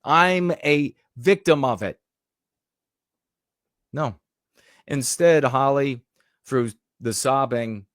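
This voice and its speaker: Guy doing a slow preachy commentary rant, rhetorical questions, dry close sound. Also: mid-range voice, no room sound. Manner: rhetorical, indignant, repeats phrases for emphasis. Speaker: political commentator. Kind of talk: monologue commentary.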